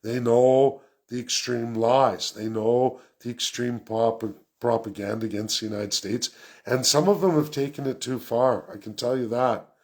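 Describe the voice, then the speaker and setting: A man giving an unscripted political rant as a vlogger, talking quickly and emphatically and repeating phrases for effect. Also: mid-range voice, fairly even intonation, a little mellow. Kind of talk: unscripted ranting monologue.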